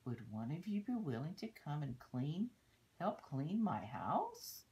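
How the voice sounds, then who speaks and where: A woman voicing a polite, admiring male hermit crab in a storybook read-aloud, asking slowly and courteously. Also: low voice, very animated, heavily acted. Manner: slow, gentle, courteous asking.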